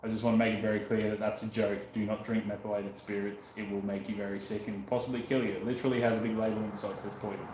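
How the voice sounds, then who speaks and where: Working away in his workshop, this North Queensland Australian who restores motorcycles on his vlog talks rapid-fire, hardly pausing at all. His lowish, darkish voice has little pitch movement as he jokes and rambles casually. Faint background noise and room echo fill the recording.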